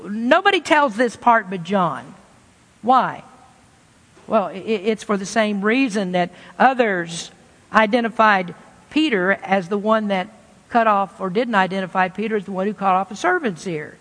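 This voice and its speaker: A man's voice: sits high, lively intonation, a little slow, a bit bright. Man, pastor, folksy conversational sermon, long church reverb. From Kentucky, USA. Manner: folksy, conversational preaching with homespun asides.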